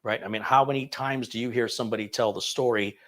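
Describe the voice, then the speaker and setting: A man hosts a casual live computer Q&A, answering viewer questions one by one. He is chatty and digressive and keeps amusing himself along the way. His voice sits at an ordinary middle pitch. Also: fairly even intonation, fast talker. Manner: chatty and digressive, self-amused. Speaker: tech channel host answering viewer questions.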